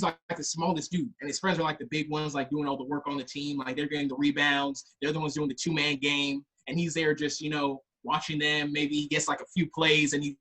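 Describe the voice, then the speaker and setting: A young man from Los Angeles co-hosts a casual comedy podcast. His voice is husky, and he talks in an animated way, breaking into loud high impressions of others. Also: low-quality recording. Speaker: podcast co-host. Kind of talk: casual chat.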